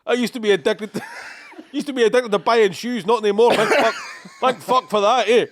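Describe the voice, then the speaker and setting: A man's voice: sits high, a little fast. A man co-hosting a comedy podcast, swearing and laughing through stories in casual banter.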